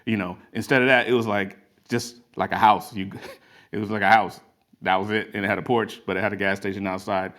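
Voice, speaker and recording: A man's voice: fairly low pitch, flat delivery, brisk, a bit bright. A man telling folksy parable-like stories as a motivational talk, in a garage converted into a studio. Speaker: creative studio owner. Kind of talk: motivational storytelling.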